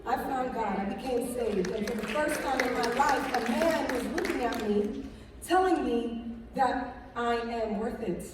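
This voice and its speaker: A woman giving a church testimony to an audience in a large hall, animated and conversational, often checking in with her listeners. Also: fairly high pitch, unhurried, very noisy. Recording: echoey hall from far off.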